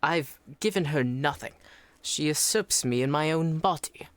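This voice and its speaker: A woman's voice: sits low, a little slow, no room sound. A woman voicing a strained young male wizard who answers in bitter, clipped lines.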